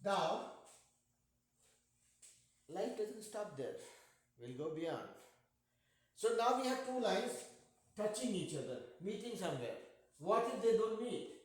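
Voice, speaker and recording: A man's voice: high voice, very animated, takes it slowly, long pauses. A man with an Indian accent teaching a math class, patient and jokey, often checking in with students. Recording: echoey room.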